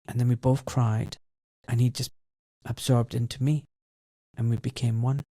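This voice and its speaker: A man's voice: medium pitch, flat delivery, moderate pace, dark tone, no room sound, studio quality. A middle-aged man hosting a podcast, telling a personal story in an emotional, reflective way. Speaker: podcast host. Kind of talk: conversational interview.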